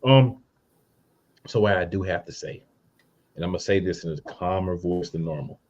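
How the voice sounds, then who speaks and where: A man with a very low voice talks football on a casual podcast, blunt and fired up as he vents about the coaching. The sound is a bit dull and lo-fi, like a home mic. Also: moderate pace, long pauses, a little mellow. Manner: blunt, fired-up fan venting with laughs. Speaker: podcast co-host. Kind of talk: casual sports podcast chat.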